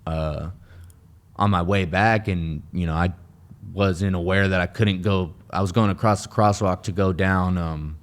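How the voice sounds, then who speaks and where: A man with a very deep voice is a guest in a laid-back interview, speaking earnestly and at length. Taking his time, he tells the story of his recovery, looping back over his words, restarting sentences, and leaning heavily on fillers.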